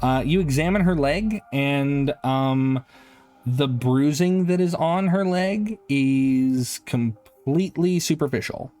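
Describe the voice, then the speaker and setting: A man's voice: fairly high pitch, slow pace, darkish tone, soft background music. A man narrating a tabletop game as game master, hesitant and full of restarts.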